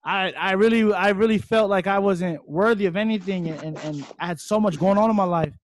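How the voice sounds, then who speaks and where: A young man from Hawaii telling his story as a fighter in a casual interview, rambling and excitable, now and then bursting into loud shouts. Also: high-pitched, a little fast, slight background noise.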